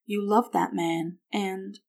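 Woman reading as a soft-spoken, caring grandmother. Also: mid-range voice, steady tone, slow pace, gravelly. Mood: gentle.

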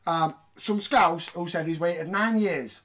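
A man's voice: a little high, slow pace, a bit bright. A man hosting a casual podcast, joking and swearing as he talks. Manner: joking, profane and mocking. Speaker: podcast host.

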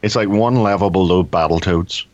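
A low-voiced man rambles wryly through casual podcast chat, often stopping to correct himself. The recording sounds dull and dry, with muffled highs and no room echo. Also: moderate pace. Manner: rambling, self-correcting, wry. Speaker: podcast co-host.

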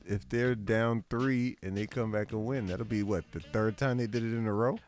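A man's voice: fairly low pitch, normal speed, a little mellow, faint music behind. A man co-hosting a radio show, trading teasing banter about sports. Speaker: radio co-host. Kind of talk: casual sports chat.

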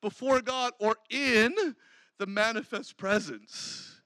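A man preaching a lively sermon, laughing often and breaking into exclamations of praise. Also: high voice, slow pace, no echo, poor audio.

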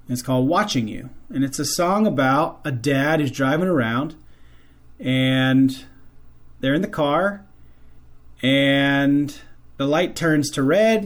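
A man hosting a Catholic show, talking earnestly to fathers in a preaching style and repeating phrases for emphasis. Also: medium pitch. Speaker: host of a Catholic faith show.

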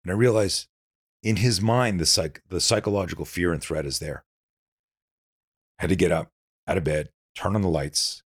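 A man's voice: low voice, a little fast, slightly rough, no room sound, clean studio sound. A middle-aged man, a self-defense instructor, telling stories intensely as a guest in a casual podcast interview. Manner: intense, animated storyteller with frequent restarts.

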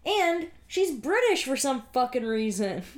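A woman's voice: high voice, big pitch swings, measured pace. Swearing woman podcast co-host. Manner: swears freely, puts on voices to retell scenes. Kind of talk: casual chat.

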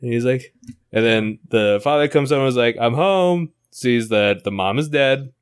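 A young man co-hosting an improv comedy podcast, pitching a story in a rambling, laughing way. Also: clear, resonant tone, no echo, studio quality. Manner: rambling, laughing storyteller putting on quick voices.

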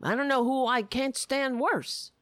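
A woman's voice: high-pitched, measured pace, fairly bright tone, dry recording. A woman delivering an angry, profane political rant full of sarcasm.

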